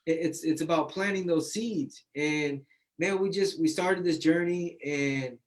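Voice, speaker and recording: Dude with a pretty high voice, super hyped, says man every other word, telling his story. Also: a little slow. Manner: exuberant, calls out friends, says "man" constantly. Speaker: guest speaker sharing his life story. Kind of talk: casual spoken testimony.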